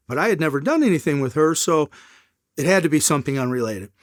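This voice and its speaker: A middle-aged man telling a long story as an interview guest, in a casual, animated way, acting out the people in it. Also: fairly high pitch, fast, no room sound, studio quality.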